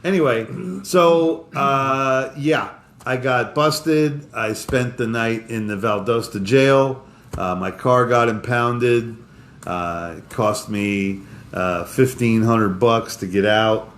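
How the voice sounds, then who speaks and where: A man's voice: mid-range voice, a bit bright, slight background noise. Male co-host, mid-range voice, loose rambling storyteller, casual chat. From Florida. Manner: rambling, halting with many restarts. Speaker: podcast co-host.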